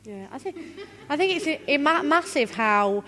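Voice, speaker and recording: A woman's voice: high-pitched, animated, moderate pace, sharp tone. Chatty woman in a hall. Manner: chatty, engages the audience directly. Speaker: conference speaker leading a workshop. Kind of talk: conversational workshop talk. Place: conference hall. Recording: reverberant conference hall.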